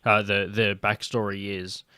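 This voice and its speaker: A man's voice: on the low side, level tone, measured pace, bright, forceful tone, clear, resonant tone, dry recording, studio quality. A young Australian man hosting a comedy podcast, chatting casually in a crude, rambling way with a lot of swearing. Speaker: podcast host.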